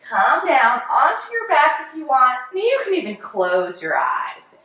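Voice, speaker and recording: A young woman guides children through yoga with a cheerful, encouraging, sing-song delivery. Her high voice leaps all over as she talks. She is heard from some distance in a very echoey room. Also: wildly swooping pitch, a little slow, pushed and bright. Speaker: kids yoga teacher. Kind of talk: children's yoga class instruction.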